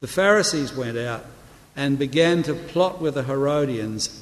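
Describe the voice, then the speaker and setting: A man preaching a sermon, reading scripture slowly and measured, softening quoted words. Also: medium pitch, a little hiss or hum. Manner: slow, measured reading with quiet, soft delivery of quoted words. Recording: long hall reverb.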